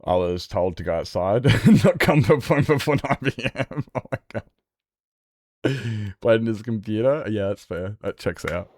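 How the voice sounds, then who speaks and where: A man's voice: fairly low pitch, lively intonation, normal speed, darkish tone, no room sound. A man chatting casually while streaming a game, rambling and repeating himself, swearing freely. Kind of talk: casual gameplay stream chat.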